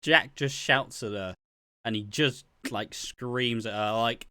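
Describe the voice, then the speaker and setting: A man's voice: medium pitch, slow, sharp tone, clean tone, no room sound. Chatty man recapping a soap, dry close sound. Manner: chatty, laughs often, with frequent restarts. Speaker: podcast co-host. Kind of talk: casual soap opera recap chat.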